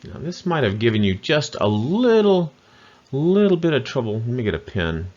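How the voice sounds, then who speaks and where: A man teaching pronunciation in a video lesson, patiently repeating syllables slowly. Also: medium pitch. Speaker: language teacher. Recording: muffled lo-fi audio.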